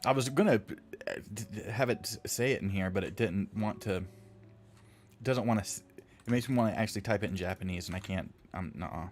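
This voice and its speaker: Over soft background music, a man with a lowish voice talks a little fast as he streams game-modding, casually rambling and joking with chat while he edits textures.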